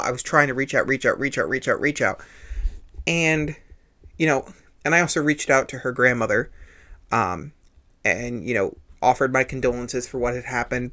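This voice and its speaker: A male podcast host with a mid-range, pushed and bright voice tells a personal story. He speaks earnestly and confessionally, often repeating himself for emphasis.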